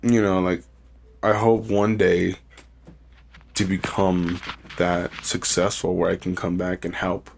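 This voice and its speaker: A young man co-hosting a casual podcast, sick with a cough, talking in a relaxed, rambling way and laughing often. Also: low-pitched, slow, vocal fry, pauses often, slight background noise. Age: young adult. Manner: laid-back, rambling, laughs often, says "like" a lot. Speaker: podcast co-host. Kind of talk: casual chat.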